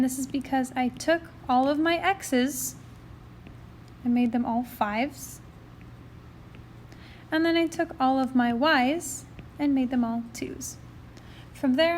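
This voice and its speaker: A woman's voice: high voice, slight background noise. A woman math teacher with the hiccups, talking through a recorded lesson in a chatty, upbeat way and explaining each step as she goes. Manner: chatty and upbeat, talks through her steps. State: has the hiccups.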